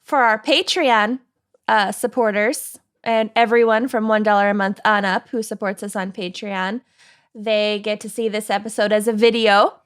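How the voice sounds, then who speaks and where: A woman's voice: mid-range voice, fairly even intonation, moderate pace, clear, resonant tone. A woman co-hosting a true crime podcast in casual, joking chat with friends. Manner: laid-back, joking. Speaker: podcast co-host.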